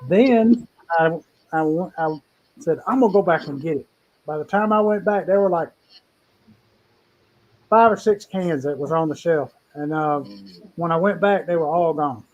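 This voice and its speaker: A man's voice: on the high side, a little slow, long pauses, a little mellow, highs cut off. A man hosting a casual cooking show, chatting in a folksy, rambling way. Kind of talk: casual live cooking chat.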